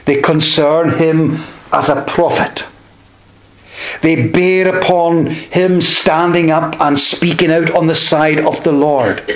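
Male preacher, slightly high voice, unhurried sermon delivery, roomy echo. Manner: slow, measured preaching with pauses between phrases.

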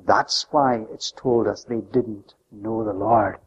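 A man preaching a sermon with an emphatic delivery that swings between loud, high stresses and soft, low drops. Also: fairly even intonation, takes it slowly, slightly rough. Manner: emphatic, rising and falling delivery. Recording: lo-fi recording with long hall reverb.

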